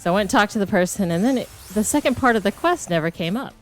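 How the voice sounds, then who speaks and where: A woman's voice: mid-range voice, lively intonation, quick pace. A woman streamer chatting casually while playing, rambling with lots of likes and restarts. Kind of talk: casual gameplay chat. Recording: faint game music behind.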